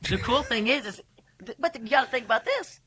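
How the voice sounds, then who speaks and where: A young man, a podcast guest, telling rodeo stories casually with energetic, profane, stumbling restarts. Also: extremely high pitch, brisk, breathy edge. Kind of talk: casual storytelling.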